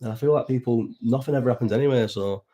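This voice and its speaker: A man's voice: medium pitch, fast, mellow. A man in his thirties from Bolton with a Bolton accent, chatting casually and rambling on a watch-along stream, swearing freely and answering the chat. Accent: Bolton, Northern English. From Bolton, England. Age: 30s. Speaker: livestream host.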